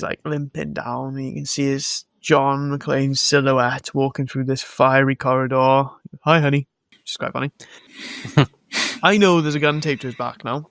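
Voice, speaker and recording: A man hosting a film podcast, recapping a movie with sarcastic, animated asides, frequent laughter and casual swearing. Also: medium pitch, no room sound, studio quality. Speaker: podcast host reviewing a film. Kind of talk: casual chat.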